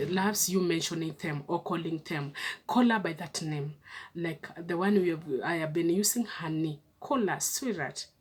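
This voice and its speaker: A woman's voice: on the low side, breathy edge. A woman giving earnest relationship advice to viewers, coaxing them along and often checking in with a questioning "hmm?".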